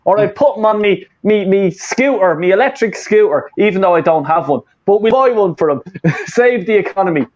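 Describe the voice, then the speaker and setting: A man's voice: sits high, animated, fairly quick, darkish tone, highs cut off. A man, hosting a casual football fan chat, rambling and swearing with lots of fillers and restarts. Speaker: fan channel host.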